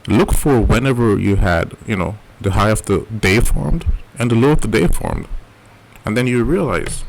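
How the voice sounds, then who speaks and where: A man's voice: lowish voice, vocal fry. A man teaching a live trading lesson in a casual coaching way, often checking in with "right?". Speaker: trading educator.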